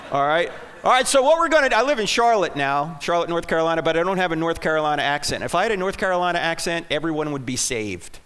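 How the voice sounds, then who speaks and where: New man, conference speaker; punchy and jokey, animated high delivery. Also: brisk, in a large hall. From New Jersey. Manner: punchy, joking, rhetorical questions. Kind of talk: sermon-style talk to a live audience. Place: church auditorium.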